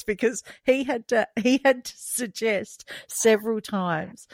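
A woman's voice: fairly high pitch, a little slow, few pauses, dry recording. Woman in her fifties, podcast co-host, laughing storyteller, dry booth sound. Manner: lively, laughs often while telling stories. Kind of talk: casual storytelling chat.

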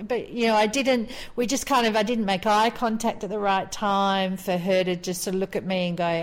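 With barely a pause, a fortysomething Australian woman rattles through a rambling story on the podcast she co-hosts, laughing a lot along the way. Her mid-range voice moves little in pitch and runs fairly quick.

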